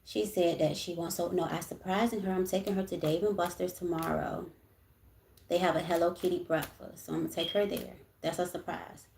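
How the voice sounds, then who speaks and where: A woman's voice: fairly low pitch, fairly even intonation, fairly quick, vocal fry, darkish tone, slight background noise. A young adult woman, chatting frankly on a livestream, swearing freely and often asking "you know what I'm saying". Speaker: livestream host. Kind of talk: casual livestream chat. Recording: echoey room.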